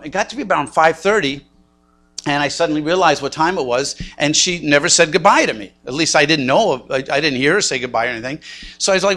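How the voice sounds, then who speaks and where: Pastor, man in his 60s, bright and slightly high-pitched, self-mocking storyteller from the pulpit. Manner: storytelling, self-mocking, with quoted inner thoughts. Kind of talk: sermon.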